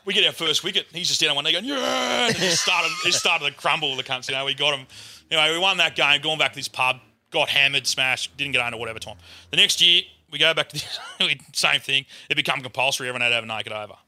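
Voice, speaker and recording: A young Australian man, a guest comedian, telling a loud, animated story full of swearing and acted-out voices. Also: a little high, quick pace.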